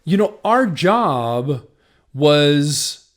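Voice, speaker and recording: A man with a somewhat high-pitched voice tells a personal story in an unscripted, chatty way. He voices the other person and himself in quick turns. His talk is full of restarts and filler phrases. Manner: animated retelling, acts out both sides of dialogues; frequent restarts and "you know" fillers. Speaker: patent agent and podcast host. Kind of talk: casual storytelling monologue.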